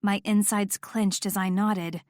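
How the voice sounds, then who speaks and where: A woman with a mid-pitched voice narrates a first-person romance audiobook, soft and intimate, at a measured pace with fairly even intonation. It's recorded close and completely dry, without echo.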